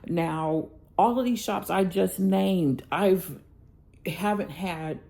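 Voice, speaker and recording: Slow, creaky and mellow, this lowish female voice belongs to a planner vlogger who is furious about a bad order. She rants bluntly in a casual vlog, turning to viewers with "y'all" and "okay?"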